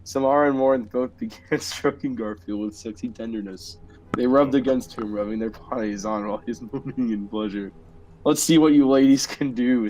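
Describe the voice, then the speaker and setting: A man hosting a podcast, reading comedic fan fiction in a deadpan way with bursts of laughter. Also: mid-range voice, rough recording. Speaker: podcast host.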